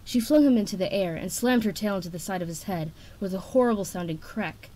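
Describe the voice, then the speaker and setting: A woman reading a children's fantasy novel aloud in steady, expressive narration. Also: mid-range voice, fairly quick. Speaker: audiobook reader.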